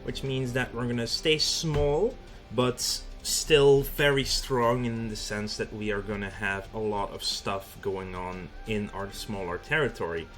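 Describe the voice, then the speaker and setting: A man with a Dutch accent and a fairly low voice talks through a strategy game as a let's play host. He explains things casually, with plenty of ums and uhs. Soft music plays faintly behind him. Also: steady tone, measured pace, hardly any pauses. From Netherlands. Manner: casual, explanatory, with frequent fillers. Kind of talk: gameplay commentary.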